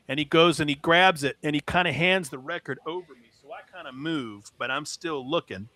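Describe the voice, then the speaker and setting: A man's voice: on the high side, brisk, few pauses, bright, forceful tone, dry recording. A man co-hosting a music podcast, telling a rambling anecdote in casual chat. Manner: rambling anecdote with laughs, acts out voices. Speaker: podcast co-host.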